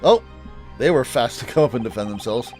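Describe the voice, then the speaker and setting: A male streamer talks through a game in a loose, joking way, cursing now and then. His voice is mid-pitched and lively. Faint game music plays underneath. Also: fairly quick. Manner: casual, joking, swears freely. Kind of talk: casual let's-play commentary.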